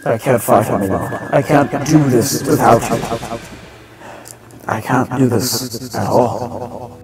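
A man voicing an ancient male entity who speaks slowly and solemnly, over music. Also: mid-range voice, voice pushed down, natural voice. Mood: pleading. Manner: slow, solemn, measured.

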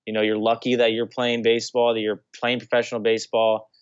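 A young former pro baseball player, appearing as a guest, tells stories in a casual conversational interview. His medium-pitched voice is monotone, quick and clean with no echo, though the sound is muffled and lo-fi. He rambles, restarting often and saying "you know" a lot.

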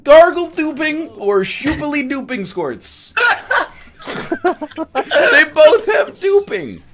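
A man's voice: extremely high pitch, very animated, takes it slowly, very noisy. A young man casually chatting and reading prompts aloud during a party game, laughing often. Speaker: stream regular. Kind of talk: casual chat while playing a party game.

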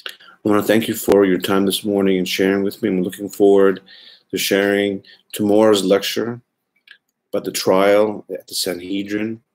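A man's voice: fairly low pitch, little pitch movement, moderate pace. A man preaching a sermon lecture, earnest and pleading, often repeating words for emphasis.

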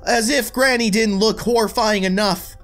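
A gaming YouTuber giving let's play commentary with animated, playfully dramatic reactions. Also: medium pitch, moderate pace, faint music behind.

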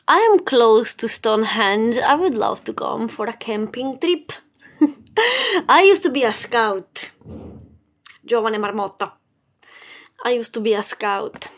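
Woman, bubbly, chatty, slightly high voice, unhurried pace, casual live stream. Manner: bubbly, chatty, laughs often, swears casually. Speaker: spiritual livestream host.

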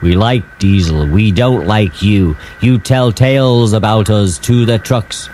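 A man's voice: on the low side, measured pace, a little mellow, slight background noise, close to an everyday voice. A man voicing a group of haughty, sulky male steam engines who speak resentfully. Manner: sniffy and resentful.

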